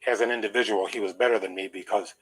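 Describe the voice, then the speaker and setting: A man's voice: lowish voice, fairly even intonation, fast, fairly bright tone, rough recording. An older man, an interview guest, telling a long personal story in an emphatic, aggrieved way while holding back emotion.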